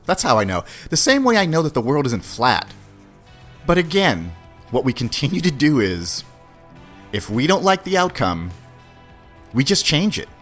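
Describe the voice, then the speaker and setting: A man's voice: medium pitch, fairly bright tone. A man hosting his own podcast, talking bluntly in a casual, opinionated monologue with slang and swearing, and acting out little dialogues. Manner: acts out little dialogues with put-on quick voices. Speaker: podcast host.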